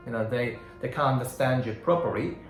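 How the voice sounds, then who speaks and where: A man's voice: mid-range voice, fairly quick. A man with a Japanese accent teaching English pronunciation in a casual way, hesitating often with fillers and sounding out example words. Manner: demonstrates sounds aloud. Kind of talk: casual instructional talk. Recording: roomy echo with faint guitar.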